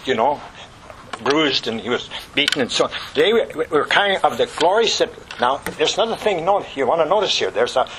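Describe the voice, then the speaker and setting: A man preaching a sermon with passion, rising to loud exclamations and dropping to hushed whispers, asking the congregation rhetorical questions. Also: a little high, a little hiss or hum, low-quality recording.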